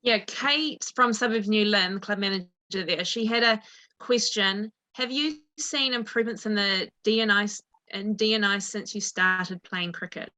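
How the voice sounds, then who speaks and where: A woman's voice: mid-range voice, moderate pace, bright, forceful tone. A woman reading out an audience question from the chat during an online webinar. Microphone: video call.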